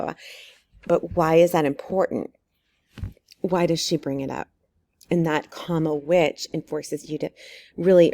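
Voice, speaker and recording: Low mellow-voiced teacher lady explaining an essay plan, lots of ums, keeps checking in. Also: gravelly, no echo. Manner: encouraging, step-by-step, frequent ums and "right?" checks. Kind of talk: recorded writing lesson walkthrough.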